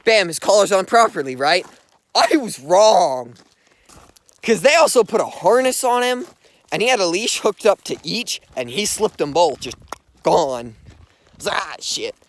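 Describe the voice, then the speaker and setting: A man's voice: high voice, very animated, unhurried. A young man telling a story in a casual, rambling way while walking a dog outdoors, with many "like"s. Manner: earnest, rambling, heavy use of "like". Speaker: vlogger. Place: outdoors, walking along streets.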